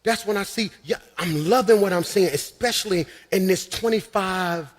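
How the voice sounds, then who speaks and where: A man preaching a sermon as pastor in a church, shouting and swinging into sing-song runs. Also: high voice, moderate pace. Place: church sanctuary.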